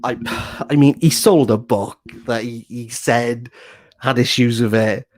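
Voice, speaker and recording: His voice is medium-pitched and steady, a little slow, and the recording is dry. He's a young Welsh book vlogger touring his shelves in a small box room at home, chatting casually, rambling, and poking fun at himself with laughter.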